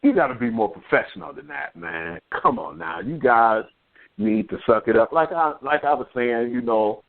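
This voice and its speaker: Lively man on a phone-thin line. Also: medium pitch, normal speed, creaky. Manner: animated, laughs often, punctuates lines with "man". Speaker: sports talk podcast co-host. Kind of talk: casual sports banter. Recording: tinny phone-like podcast audio.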